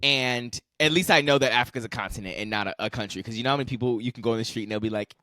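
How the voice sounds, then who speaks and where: A man's voice: mid-range voice, very fast, sharp tone, no room sound, studio quality. A young man co-hosting a podcast, chatting casually with lots of fillers and easy laughter. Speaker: podcast co-host.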